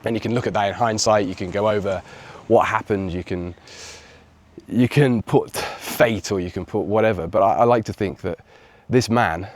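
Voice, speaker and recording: English guy vlogging, kinda low voice, chatty reflective storytelling. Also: moderate pace, dry recording. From England. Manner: reflective, animated when quoting others. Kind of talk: personal storytelling.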